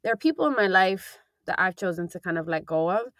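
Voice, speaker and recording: A woman's voice: lowish voice, lively intonation, brisk, fairly bright tone, no echo, clean studio sound. A young woman in casual chat, talking candidly and rambling with many fillers and the odd swear word.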